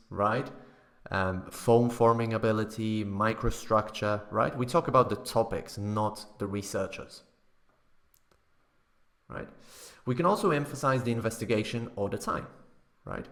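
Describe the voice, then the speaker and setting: A man's voice: lowish voice, a bit bright. A man teaching academic writing in a recorded online course lecture, explaining step by step and often checking in with tag questions and fillers.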